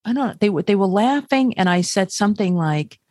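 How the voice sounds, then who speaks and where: A woman hosting a casual chat, animated and full of exclamations. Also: mid-range voice, fairly quick, dry recording, clean studio sound.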